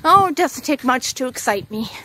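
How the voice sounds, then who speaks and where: A woman vlogging outdoors at a fairground, gushing with excitement, whooping and repeating her exclamations while filming on a handheld camera. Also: sits high, normal speed, background noise. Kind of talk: casual vlog commentary while filming.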